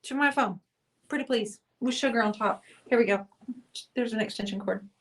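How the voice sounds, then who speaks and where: A woman's voice: on the high side, normal speed, a bit bright. A woman hosting a casual livestream, chatty and teasing as she reads viewer comments aloud. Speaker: livestream host.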